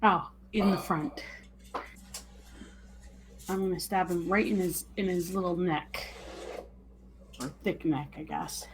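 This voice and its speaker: A woman's voice: fairly low pitch, steady tone, slow pace, long pauses, slight background noise, rough recording. A woman playing a tabletop game, thinking aloud as she picks her moves. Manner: thinks aloud while deciding. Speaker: player. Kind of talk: casual tabletop game chat.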